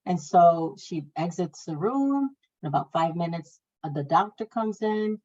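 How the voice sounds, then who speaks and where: A woman in her thirties telling a personal story, acting out the people in it with raised, lively voices. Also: on the low side, unhurried, hardly any pauses, dull audio. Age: 30s. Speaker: guest sharing her testimony.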